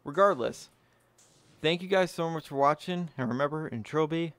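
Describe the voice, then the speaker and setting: A man's voice: fairly high pitch, normal speed, a bit bright, dry recording. A man hosting his own firearms channel, talking casually and bluntly to camera, swearing freely and pleased with himself. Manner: blunt, profane, self-satisfied.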